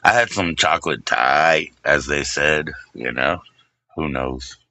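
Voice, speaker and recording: A man's voice: extremely low pitch, slow, pushed and bright, dry recording. A middle-aged man streaming live, rambling in casual chat, crude and joking, teasing his chat in a sing-song voice.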